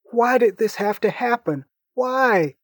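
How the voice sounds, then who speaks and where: Man putting on a frantic young guy, high and slow, pleading and melodramatic, dry close sound. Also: animated, dry recording, full character voice. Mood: panicked.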